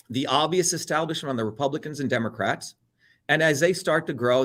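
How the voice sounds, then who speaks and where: Middle-aged guy w ranting about politics, blunt, swears a lot, kinda high voice. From India. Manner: blunt, animated, swears, mimics others. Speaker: interview guest. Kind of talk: heated political talk.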